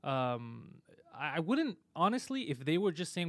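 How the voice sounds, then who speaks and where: A man hosting a live show, giving a fast, opinionated rant full of swearing. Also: a little high, animated, no echo. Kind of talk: casual live-stream chat.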